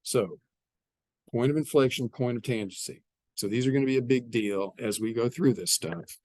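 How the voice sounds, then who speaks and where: A man's voice: medium pitch, moderate pace, darkish tone, no room sound. A man teaching a math lesson, explaining step by step and often repeating his phrases. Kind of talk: classroom math lecture.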